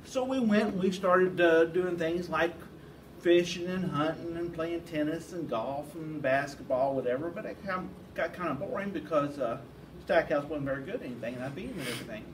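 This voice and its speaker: Folksy male storyteller, high and bright, animated; distant mic. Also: moderate pace, slight background noise. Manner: folksy, animated yarn-spinning. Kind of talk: anecdotal storytelling.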